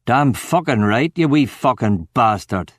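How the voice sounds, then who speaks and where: A man's voice: on the low side, no room sound, clean studio sound, close to an everyday voice. A man voicing a foul-mouthed, bullying unemployed husband, drawn out and menacing, in an audiobook. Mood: raging. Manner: snarling, swearing, drawn-out threats. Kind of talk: audiobook character voice.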